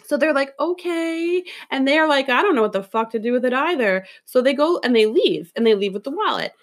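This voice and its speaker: A woman's voice: high-pitched, fast. A woman who works at a salon, telling a story in casual chat, swearing freely and acting out the voices of the people in it. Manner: profane, animated storytelling with quoted voices.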